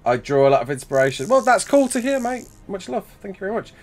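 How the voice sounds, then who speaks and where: A man's voice: sits high, very animated, fast talker. A man with a Black Country accent in his thirties, chatting casually on a game livestream, reading out chat and thanking donors with a self-mocking humour. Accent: Black Country English. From Black Country, England.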